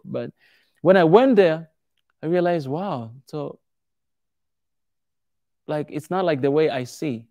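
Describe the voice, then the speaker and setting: A man's voice: medium pitch, dry recording, clean studio sound. Man telling stories to a small crowd. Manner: animated, acts out quoted voices. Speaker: speaker answering audience questions. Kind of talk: casual storytelling talk.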